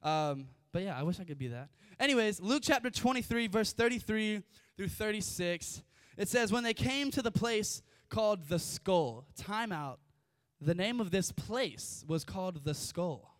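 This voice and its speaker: A man's voice: high-pitched, expressive, unhurried, no echo, clean studio sound. A young man preaching a casual sermon, reading scripture with chatty, informal asides. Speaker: youth preacher.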